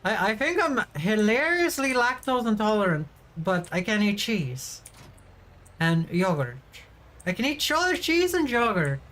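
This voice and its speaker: A woman's voice: medium pitch, sing-song, a little slow, a bit bright. A woman streamer chatting casually while she plays a farming game, rambling and now and then bursting out in frustration. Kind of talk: casual livestream chat while gaming.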